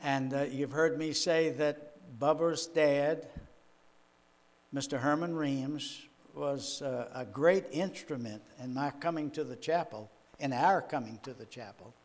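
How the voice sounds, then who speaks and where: A man's voice: medium pitch, a little slow. An older man, a minister preaching a sermon in a folksy, chuckling, storytelling way. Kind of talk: sermon with personal stories.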